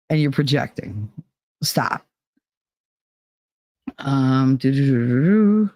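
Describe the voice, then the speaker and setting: A woman's voice: a bass voice, slow pace, long pauses, no room sound, lo-fi sound. Blunt New Jersey woman streamer. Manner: blunt, animated, swears and laughs often. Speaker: streamer reading chat. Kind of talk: casual live-stream chat.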